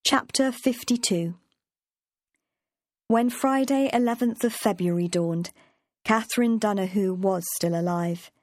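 A woman reading an audiobook chapter in a measured, even storytelling voice. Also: medium pitch, no room sound, clean studio sound. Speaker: audiobook narrator. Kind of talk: scripted narration.

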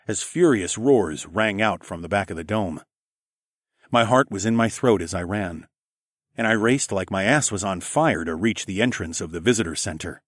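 A man narrating a first-person adventure story in a steady, matter-of-fact reading. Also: lowish voice, no echo, clean studio sound.

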